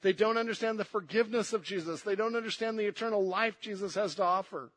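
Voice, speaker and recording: A man preaching a sermon, moving between hushed and emphatic delivery and repeating words to press his points. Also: high-pitched, fast.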